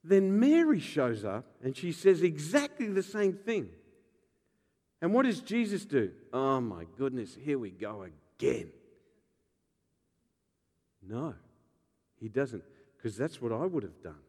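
A man, a pastor preaching a sermon with animated, joking storytelling and acted-out voices. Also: mid-range voice, slow, pauses often, in a large hall.

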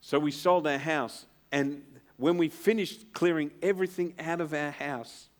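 A middle-aged man, a pastor, preaching a sermon in an earnest, emphatic way and dropping to a hushed tone to reassure. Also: fairly high pitch, steady tone, unhurried.

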